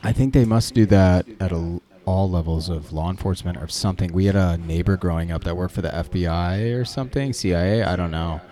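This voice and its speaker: A young man co-hosting a casual podcast, relaxed and easygoing, often trailing off mid-thought. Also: deep voice, fast talker, few pauses. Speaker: podcast co-host. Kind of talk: casual chat. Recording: echoey room.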